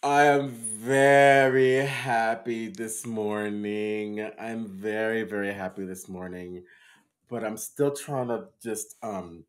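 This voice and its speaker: A man's voice: lowish voice, slow. A man co-hosting a theater podcast in casual, playful chat, laughing often. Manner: playful, giggly, animated. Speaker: podcast co-host, former accent teacher.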